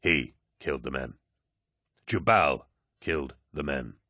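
A man voicing a giant male warrior, speaking gravely and in a measured, low way, as an audiobook character voice. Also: expressive, sharp tone, no room sound, clean studio sound, exaggerated voice.

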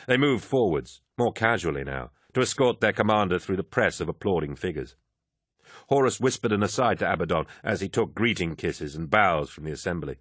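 A man narrating an audiobook in a steady, measured manner. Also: deep voice, dry recording, studio quality. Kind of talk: scripted narration.

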